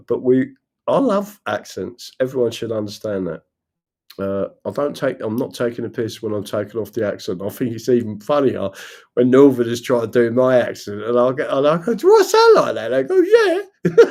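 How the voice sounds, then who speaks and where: A man's voice: medium pitch, a little mellow. Chatty swearing London man on a livestream. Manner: chatty and rambling, swears freely, laughs often, reads viewer comments aloud. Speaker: livestream host. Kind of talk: casual live-stream chat.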